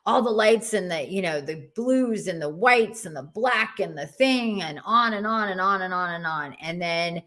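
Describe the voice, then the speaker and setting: Expressive woman telling a personal story. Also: moderate pace, few pauses. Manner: casual, expressive, acts out voices she heard with shifts in pitch and loudness. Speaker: podcast guest.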